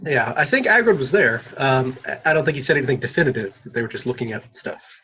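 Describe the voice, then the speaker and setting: A man co-hosting a podcast in casual chat, explaining things quickly with many fillers, heard over dull lo-fi call audio. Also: mid-range voice, sing-song, bright, forceful tone, slightly rough.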